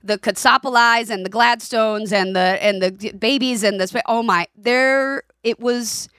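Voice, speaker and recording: A woman in her forties co-hosting a podcast, telling stories in a lively, animated way. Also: a little high, measured pace, clean tone, no echo, clean studio sound. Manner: animated storytelling with laughs and quoted voices. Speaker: podcast co-host. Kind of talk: casual chat.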